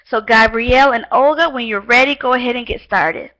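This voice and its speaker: A woman's voice: on the high side, brisk, background noise. A woman teaching an online English class, heaping praise on her students and calling on them by name. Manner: encouraging, lots of praise.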